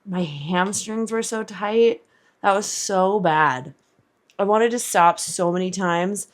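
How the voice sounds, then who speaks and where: A woman's voice: medium pitch, slow pace. A woman vlogging about her running, talking candidly and chattily with lots of "like", worn out after a hard run and filming outdoors. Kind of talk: casual vlog chat.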